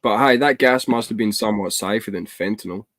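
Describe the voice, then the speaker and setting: Excitable slangy man, dry sound. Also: on the low side, brisk, no echo. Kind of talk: casual chat.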